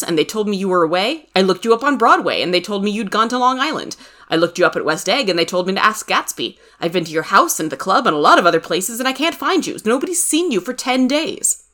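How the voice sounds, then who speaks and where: A woman's voice: medium pitch, very animated, bright, forceful tone. A woman reading an insistent pushy rich man. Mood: impatient. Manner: insistent, urgent, brisk. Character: wealthy man, earnest, impatient and pushy.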